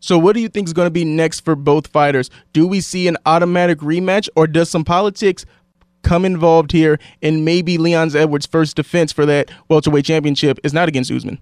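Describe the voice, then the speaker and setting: Male sports radio host, slightly high voice, chatty long questions, dry studio sound. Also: fairly even intonation, brisk, smooth, no room sound. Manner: conversational, long lead-in questions. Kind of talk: interviewing a guest.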